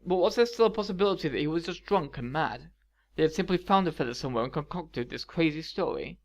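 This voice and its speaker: A man's voice: fairly high pitch, gravelly. Man narrating a storybook reading. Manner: steady, measured storytelling. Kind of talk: audiobook reading of fan fiction.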